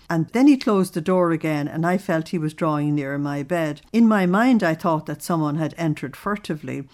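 A woman reading a devotional diary aloud and pausing to comment on it, earnest and reflective. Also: low-pitched, a little mellow. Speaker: religious teacher.

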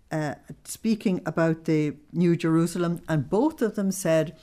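Woman, deep low voice, religious teacher, measured and explanatory with small-group listeners. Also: warm tone. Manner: measured, explaining with plain everyday examples.

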